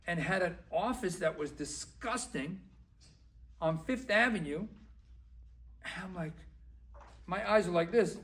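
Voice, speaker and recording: A man, a dentist, giving a motivational talk to a group, acting out conversations and repeating phrases for emphasis. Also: a little high. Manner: animated, acts out dialogue and repeats phrases for emphasis.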